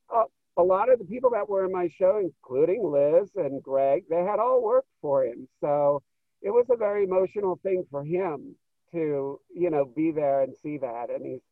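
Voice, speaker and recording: A man guest in an interview, telling stories in an animated way and acting out what people said. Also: on the high side, normal speed, no room sound. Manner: animated, acts out quoted dialogue. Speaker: interview guest, show producer. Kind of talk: storytelling interview. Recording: tinny phone line, dry.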